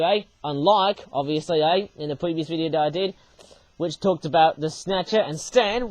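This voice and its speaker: A man's voice: sits high, normal speed, no room sound. A young man hosting his own channel, casually reviewing paper toys he made, rambling and tacking small tag words onto his sentences.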